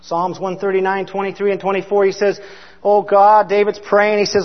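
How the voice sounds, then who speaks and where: Male preacher, high voice, impassioned sermon, loud then hushed, dull reverberant hall recording. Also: monotone, moderate pace.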